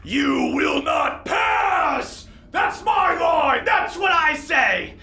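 A hulking, boastful hill giant bellows out his lines, as a game master puts him on. His shouts climb far above an ordinary speaking voice. He sounds loud and strained, shouting across a tabletop game. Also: very high voice, wildly swooping pitch, extremely slow, reverberant, a faint crowd, voice pushed up, heavily acted. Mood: bellowing.

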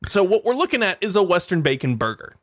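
A man co-hosting a casual comedy podcast, goofy and excitable, prone to laughing and squealing. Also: high-pitched, quick pace, dry recording, studio quality. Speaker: podcast co-host. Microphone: studio mic with headphones and compressor.

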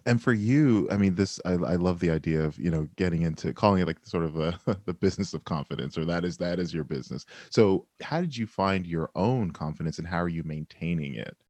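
A man's voice: low voice, a little fast, few pauses, a little mellow, dry recording. A man interviewing a guest in casual chat. He teases, laughs easily and asks rambling questions.

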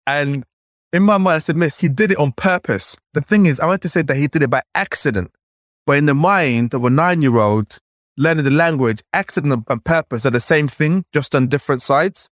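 A man from Nigeria, a podcast guest, recounting his childhood in a lively storytelling way, often saying "like" and acting out the voices he remembers. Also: fairly high pitch, fairly quick, no echo, studio quality. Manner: animated, acts out remembered voices, frequent "like". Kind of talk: storytelling in conversation.

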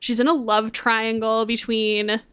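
Chatty young woman, slightly high voice. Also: level tone, unhurried, a bit bright, clear, resonant tone, dry recording. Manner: chatty, upbeat, frequent "like" fillers. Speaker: podcast co-host. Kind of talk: casual chat with ad read.

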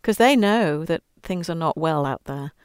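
A woman's voice: low voice, lively intonation, moderate pace, smooth, no room sound, clean studio sound. A woman speaking earnestly as an interview guest, then reading aloud from her storybook, giving quoted lines a little voice of their own.

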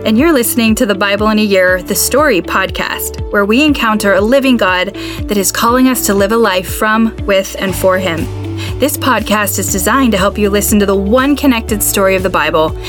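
A woman hosting a podcast and reading scripture aloud in a measured, gently expressive way. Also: mid-range voice, music in the background. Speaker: podcast host and Bible reader.

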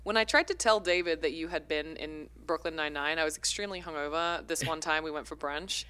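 A woman's voice: low-pitched, fairly quick, pushed and bright, clear, resonant tone. A woman hosting a casual chat, playful and teasing, laughing often. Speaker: podcast host.

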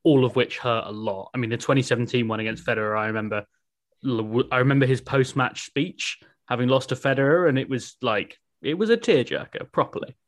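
A man hosting a sports podcast in casual chat. His voice sits at an ordinary middle pitch, and his delivery is wry and chatty with frequent laughs. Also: brisk. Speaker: podcast host.

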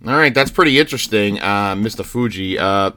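A man's voice: lowish voice, lively intonation, brisk, sharp tone, a little hiss or hum. A man hosting a wrestling podcast, playfully staging interviews, hesitant and full of fillers. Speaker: podcast host. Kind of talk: playful scripted bit with interviews.

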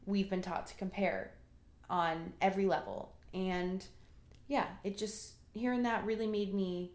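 Young woman, podcast host, earnest pep talk, roomy echo. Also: fairly low pitch. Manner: earnest, motivational, chatty with fillers. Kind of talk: casual solo podcast talk. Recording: echoey room.

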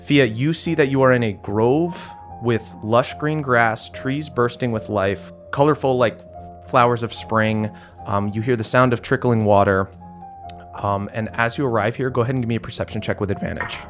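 A man's voice: medium pitch, normal speed, faint music behind. A man narrating as game master of a tabletop game, in a loose, descriptive way with frequent fillers.

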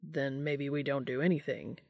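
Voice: mid-range voice, steady tone, moderate pace, darkish tone, no room sound, studio quality, natural voice. A reader voicing a cocky adult man who talks casually and teases, in a fan fiction audiobook reading. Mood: teasing. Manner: casual and teasing. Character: cocky, joking adult male hunter.

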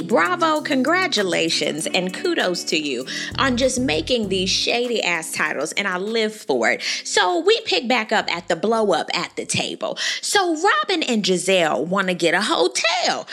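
Sassy animated woman recapping TV. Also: medium pitch. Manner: sassy, animated, quick asides. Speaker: reality TV recap host. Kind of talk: casual recap commentary.

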